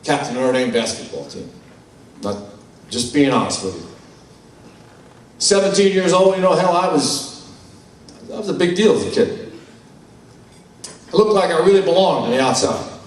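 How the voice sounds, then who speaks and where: An older man from New York tells his story bluntly and candidly, with salty language, in a voice sitting a little high. He speaks in a large conference hall, and the sound rings with heavy echo from a mic placed far away. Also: very animated, normal speed, pauses often. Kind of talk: personal testimony talk.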